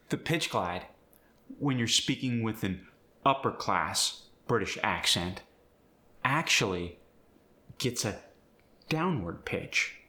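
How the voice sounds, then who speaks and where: A man's voice: fairly low pitch, bright, forceful tone. A man teaching how to speak with a British accent, explaining the sounds and then demonstrating words in the accent. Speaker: acting and accent coach. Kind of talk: instructional video.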